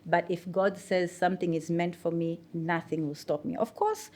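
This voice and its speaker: A woman, a news anchor telling her story with lively energy as an interview guest. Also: lowish voice, normal speed. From Zambia. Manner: animated, lively anecdotes.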